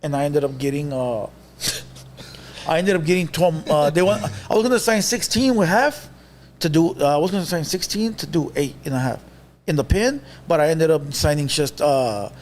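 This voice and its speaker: A man's voice: a little high, moderate pace. A young man, casually telling a story on a podcast and mixing in Spanish slang. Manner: animated storyteller, mixes Spanish slang, acts out quotes.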